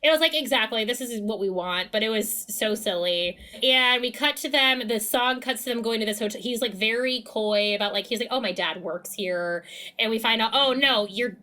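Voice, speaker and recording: Woman, podcast co-host, casual recap chat, animated, bright tone. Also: a little high, brisk, few pauses. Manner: chatty, animated, filler-heavy storytelling.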